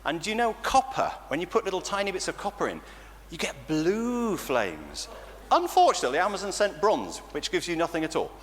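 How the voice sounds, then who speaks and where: A man with an English accent leading an all-age church talk for children, animated and playful, often laughing. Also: high-pitched, fairly quick. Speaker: church leader. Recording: church reverb with faint noise.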